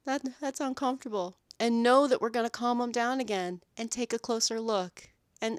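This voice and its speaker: A woman talks through her podcast in a casual, animated way. She keeps dropping into little acted-out quotes, tagging her points with "right?" The recording is dry and close, with no room sound. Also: mid-range voice, no room sound. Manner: animated, acts out dog and owner voices, frequent "right?". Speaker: podcast host and dog groomer.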